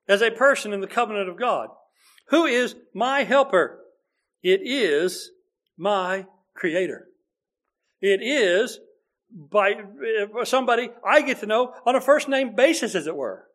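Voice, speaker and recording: Male preacher, high-pitched, earnest and conversational, emphatic builds, sermon. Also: a bit bright.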